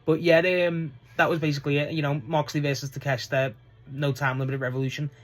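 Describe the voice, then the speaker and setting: A fast-talking man with a slightly high voice and level tone gives a casual spoken review of a wrestling show. He rambles and swears, constantly restarting and dropping fillers.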